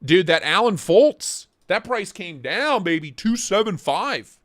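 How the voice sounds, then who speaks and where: A young man hosting a casual knife livestream from his home office, excitable and joking as he reacts to chat. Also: sits high, unhurried, dry recording, clean studio sound. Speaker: livestream host reviewing knives. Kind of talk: casual live-stream chat.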